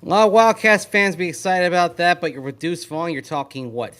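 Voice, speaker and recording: A man's voice: high-pitched, animated, brisk, a bit bright, smooth. A man co-hosting a sports radio show, talking through football analysis in a skeptical, analytical way. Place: at a league meeting venue.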